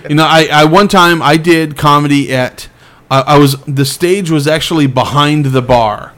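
A man hosts a podcast in casual chat, rambling, self-deprecating, and restarting his sentences a lot. His voice is on the high side and a bit bright, at a normal speed.

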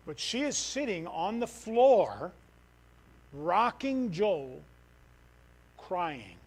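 A middle-aged man with a high, light voice preaches to a church congregation. He is animated and storytelling, jumping from near-shouted outbursts to hushed, soft-spoken moments. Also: drawn-out words, breathy edge, rough recording. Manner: animated, swings from loud outbursts to quiet. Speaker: missionary preacher. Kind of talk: sermon.

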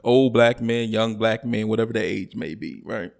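Guy going off on a podcast, casual chat that builds to a loud rant. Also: lowish voice, normal speed, creaky. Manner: animated, rises to loud ranting when worked up. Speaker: podcast co-host.

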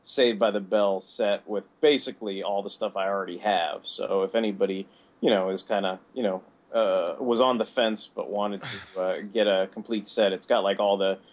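A man's voice: on the low side, fairly even intonation, normal speed, highs cut off. A man on a casual podcast, rambling and hunting for words as he talks. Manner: rambling, searches for words, laughs. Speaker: podcast co-host.

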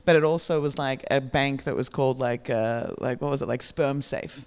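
A woman with a soft Australian accent, hosting a casual comedy podcast chat, laughing often and swearing freely. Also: a bass voice, normal speed, smooth, long reverb tail. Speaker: podcast host.

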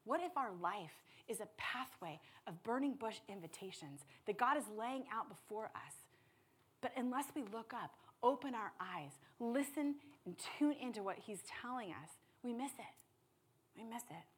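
A woman preaching a sermon with passion, dropping to hushed tones and then rising to loud appeals. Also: a little high, expressive, moderate pace, husky. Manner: impassioned, swings from hushed to loud.

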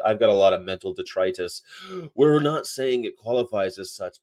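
A man's voice: mid-range voice, darkish tone. A man hosting a livestream, chatting casually and rambling between topics and read-aloud definitions. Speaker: livestream host.

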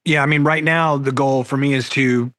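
A man's voice: medium pitch, steady tone, moderate pace, a bit bright, no echo. Male rock vocalist, 50s, easygoing candid storyteller, dry video-call sound. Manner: laid-back, candid storyteller. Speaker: rock singer, guest. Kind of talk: casual interview over video call.

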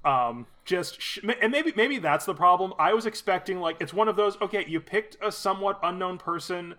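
A man's voice: high voice, lively intonation, fairly quick, bright, forceful tone. A man in casual podcast chat, bluntly critical and full of fillers.

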